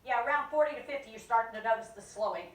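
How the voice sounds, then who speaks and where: A woman leading a lively dementia care training for a live audience, acting out inner voices and joking with the crowd. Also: on the high side, very fast, far from the mic. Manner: animated, acts out inner voices and jokes with the audience. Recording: echoey room, voice from off the mic.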